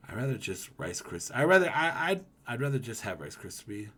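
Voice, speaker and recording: A man streaming live, chatting casually with his viewers and reading their comments, rambling and swearing, with loud ranting bursts. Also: mid-range voice, very animated, brisk, husky. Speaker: livestreamer.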